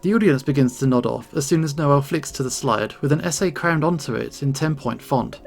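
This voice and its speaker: A man reading the narration of a visual novel aloud in a plain, steady way, with faint game music behind. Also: fairly high pitch, brisk, creaky, few pauses. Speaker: gaming channel host.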